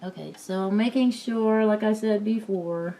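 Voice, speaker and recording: A woman's voice: medium pitch, a little slow, dark tone. A woman vlogger at home, thinking aloud in a rambling, chuckling way while she repairs her computer. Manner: rambling, self-talking, chuckling. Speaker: crafting vlogger. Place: home room.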